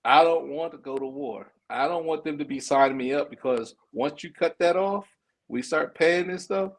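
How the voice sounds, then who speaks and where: Older man, animated and laughing. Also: on the high side, moderate pace. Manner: animated, laughing, acts out quotes. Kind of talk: casual podcast talk.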